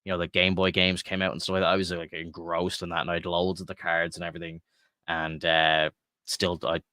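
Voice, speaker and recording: A man's voice: sits low, flat delivery, a little fast, sharp tone, dry recording, clean studio sound. A man from Ireland co-hosting a podcast, chatting casually and rambling with lots of filler words and swearing. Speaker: podcast co-host. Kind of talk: casual chat.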